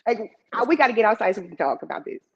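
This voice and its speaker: A woman telling a personal story to a live audience in a lively, conversational way, heard in a dull lo-fi recording. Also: mid-range voice, very fast, breathy edge. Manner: lively, conversational, with laughs and asides. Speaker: storyteller and emcee.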